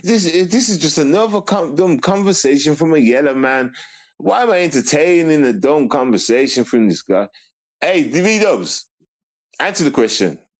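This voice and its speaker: A man's voice: a little high, expressive, normal speed, poor audio. A man livestreaming, ranting at his chat in a profane, confrontational way, rambling and restarting his sentences. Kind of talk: live stream rant at chat.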